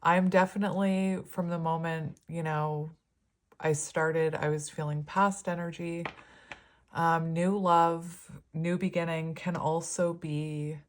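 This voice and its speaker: A woman's voice: sits low, steady tone, slow. A woman giving a casual, rambling tarot reading, her words slightly slurred. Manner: rambling, chatty, laughs often. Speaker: tarot reader.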